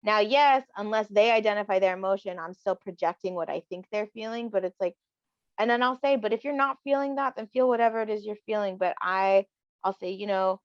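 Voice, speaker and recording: A woman with a mid-range voice is a guest in a casual chat, speaking candidly and reflectively. She often acts out the lines she says to others, and the lo-fi recording is dull and dry with no room sound.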